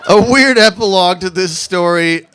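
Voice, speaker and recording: A man's voice: sits high, moderate pace, fairly bright tone, a little hiss or hum. A man in his thirties telling a comic personal story to a live audience, laughing through his lines as he mocks himself.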